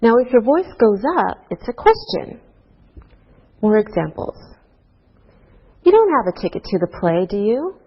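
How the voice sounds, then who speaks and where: A woman teaching an English grammar lesson to a class, speaking slowly and deliberately through example sentences. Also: mid-range voice, very animated, husky. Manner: slow, deliberate teacher talk with rising and falling example tags. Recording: dull lo-fi course recording.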